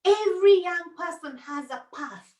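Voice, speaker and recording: A woman with a high voice speaks as a psychiatrist guest on a talk show. She gives calm, encouraging advice and repeats her key phrases for weight. Her voice carries a roomy echo. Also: a little slow.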